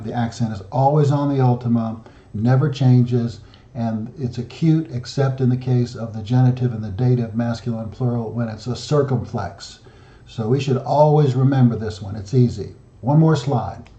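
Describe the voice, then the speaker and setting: A man leading a study group, talking slowly and methodically through slides and reading word forms aloud. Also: medium pitch, mellow. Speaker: founder and study group leader. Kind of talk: solo language lesson over slides. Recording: dull lo-fi audio in an echoey room.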